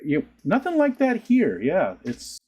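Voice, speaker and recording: A man's voice: sits high, huge pitch swings, unhurried, a little mellow, husky. A man hosting a casual home livestream, chatting to his viewers in a loose, rambling way and laughing often. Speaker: livestream host. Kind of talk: casual chat to live viewers. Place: home room.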